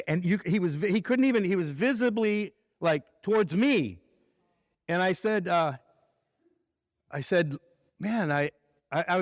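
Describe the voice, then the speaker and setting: A man speaking at a ministry conference, telling a personal story in a conversational sermon and dropping his voice low for the serious points. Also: no room sound, studio quality.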